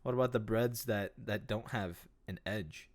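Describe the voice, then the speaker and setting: A man's voice: lowish voice, moderate pace. A man co-hosting a podcast, chatting casually, joking and laughing a lot. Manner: joking, laughs often, reads things aloud mockingly. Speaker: podcast co-host. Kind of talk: casual chat.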